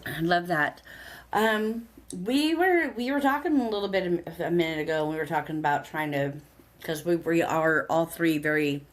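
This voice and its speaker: A woman's voice: sits low, expressive, normal speed, slight background noise. A woman hosting a podcast, chatty and loose, rambling a little as she introduces topics. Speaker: podcast host. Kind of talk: casual podcast interview.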